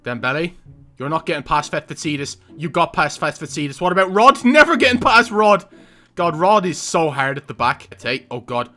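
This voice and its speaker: Excitable young man gaming. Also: on the high side, moderate pace. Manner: excitable, loud outbursts and banter. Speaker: gaming YouTuber. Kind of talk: live gameplay commentary.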